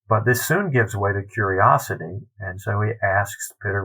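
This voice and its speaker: A man, a literary scholar, telling an anecdote in a podcast interview, animated and acting out the quotes. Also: lowish voice, normal speed, hardly any pauses, slightly rough, low-quality recording. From United States.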